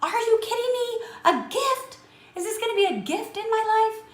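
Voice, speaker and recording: A man's voice: extremely high pitch, animated, moderate pace, a bit bright, reverberant, pitched above the performer's own voice. A woman voicing an angry young man who cannot believe what he hears, in an incredulous outburst.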